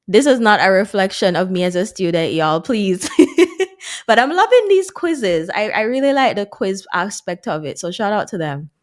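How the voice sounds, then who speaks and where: Talking at a normal speed with few pauses, a woman with a mid-range, expressive voice chats to her viewers in a casual vlog. She is working through a language course and laughs at the mistakes she makes.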